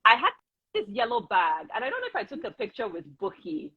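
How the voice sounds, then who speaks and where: A woman's voice: mid-range voice, wildly swooping pitch, fairly quick, slightly rough, no echo. A woman in her forties from Nigeria, a guest chatting casually and praising her host with emotion. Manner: effusive, emotional praise with laughter. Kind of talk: casual conversation. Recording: dull, muffled sound.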